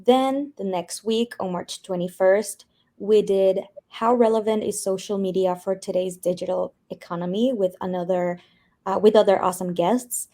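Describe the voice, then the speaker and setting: Friendly woman co-presenter with a mellow voice, reading through weekly updates. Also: mid-range voice, steady tone, normal speed. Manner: friendly, laughs between lines. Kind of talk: casual community call update.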